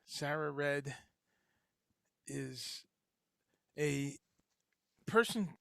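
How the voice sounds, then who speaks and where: A man's voice: on the high side, gravelly, a bit bright, no echo, clean studio sound. A man hosting a casual livestream chat, talking in a rambling way with lots of fillers and restarts. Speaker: livestream host. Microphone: headphones and home streaming setup.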